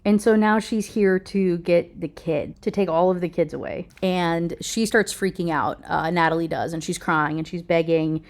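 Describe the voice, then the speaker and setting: A woman's voice: fairly low pitch, steady tone, moderate pace, few pauses. A woman talking casually as she reviews a book, recapping the plot in a chatty way with lots of "like".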